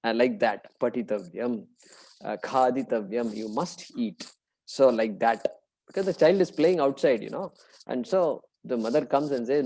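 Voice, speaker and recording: A middle-aged man leads a scripture class in a relaxed, conversational way. His voice sits at an ordinary middle pitch. He talks loosely with plenty of fillers and slows down to chant Sanskrit terms. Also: poor audio. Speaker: Vedanta teacher.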